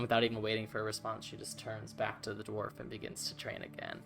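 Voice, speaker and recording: A man narrating a tabletop game as game master, in a relaxed, casual way with many fillers. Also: on the low side, fast talker, gravelly, hardly any pauses, faint music behind.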